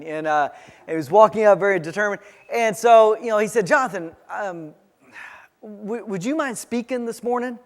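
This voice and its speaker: High-voiced pastor in a reverberant church. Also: male voice, clean tone. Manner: storytelling, halting with many restarts and fillers. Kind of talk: sermon. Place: church sanctuary. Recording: church sanctuary with long reverb.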